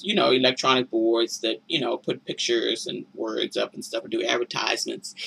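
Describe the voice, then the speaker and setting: A woman's voice: deep voice, sharp tone. A woman giving a casual, opinionated recap of a reality show, chatty and judgmental, tacking "you know, and stuff" onto her sentences. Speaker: reality TV commentator.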